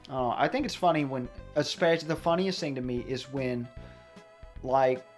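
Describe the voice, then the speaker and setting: A man's voice: medium pitch, moderate pace, faint music behind. A young man giving casual, rambling commentary over a video game he is playing, drifting into chatty asides. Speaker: let's play commentator.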